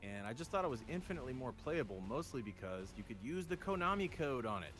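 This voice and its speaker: A man's voice: mid-range voice, sing-song, fast talker, fairly bright tone. An American man chatting casually and joking as a guest on a game stream. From United States. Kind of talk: casual chat while playing a game. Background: game music.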